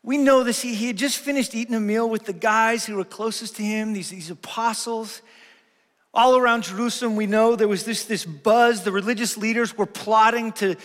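Earnest high-voiced male pastor preaching. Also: fairly even intonation, moderate pace, long reverb tail. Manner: earnest storytelling, swings from loud to hushed. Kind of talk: sermon.

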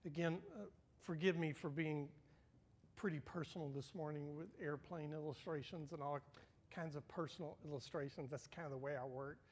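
An older man, a pastor, telling personal stories in a sermon, acting out dialogue and swinging from hushed asides to loud outbursts. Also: on the high side, steady tone, normal speed.

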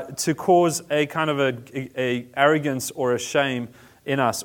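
Man, church class teacher, informal, self-correcting, slightly raised pitch. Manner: conversational, self-correcting, with humorous asides.

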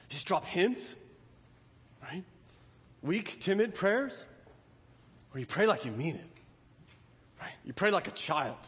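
A man preaching a sermon as pastor, emphatic and checking in with the congregation over and over. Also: high voice. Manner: emphatic, keeps asking "right?". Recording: long hall reverb.

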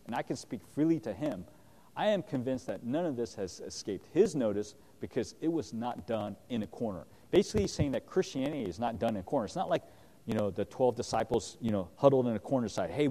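A man teaching a Bible passage, reading verses aloud and explaining them in a relaxed, conversational way with frequent fillers. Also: on the low side. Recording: long hall reverb.

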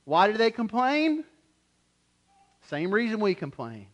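A man preaching a sermon as pastor, in an animated way, acting out quotes and often repeating words as he starts a phrase. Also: fairly high pitch.

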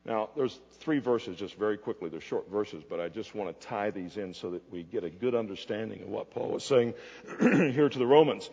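A pastor preaching a sermon, animated and emphatic at times, dropping to quiet asides at others. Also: male voice, on the low side, normal speed, husky. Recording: dull lo-fi recording in a reverberant hall.

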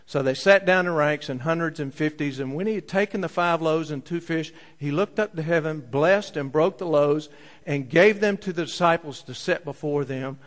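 A man preaching a sermon, telling a story with big swings from loud to soft. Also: fairly high pitch, moderate pace. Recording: long hall reverb.

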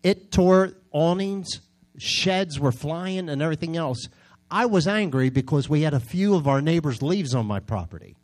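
A man's voice: on the high side, animated, moderate pace, darkish tone. A man preaching in a conversational way, telling stories with emphatic bursts.

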